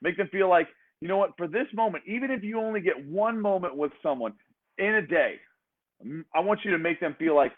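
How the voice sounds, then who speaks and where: A fitness coach pumps up his listeners in a motivational talk, stacking short emphatic exhortations one after another. His voice sits a touch high for a man. The sound is thin and tinny, as if it were heard over a phone line. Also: a little fast. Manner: energetic, emphatic, repetitive exhortations. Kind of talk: motivational speech.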